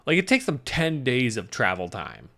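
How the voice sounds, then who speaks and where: A man's voice: medium pitch, huge pitch swings, moderate pace, a bit bright. A young man rambling casually about an anime movie, swearing freely and laughing often. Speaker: YouTuber reviewing an anime film. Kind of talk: casual chat.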